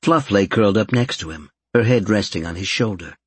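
A man narrating an audiobook in a steady, even reading voice. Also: on the low side, fairly quick, husky, no room sound. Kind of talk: scripted narration.

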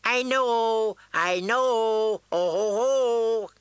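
A man doing a high singsong fool. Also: very slow, a bit bright, smooth, no echo, exaggerated voice. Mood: eerie singsong. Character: singing male fool, eerie and odd.

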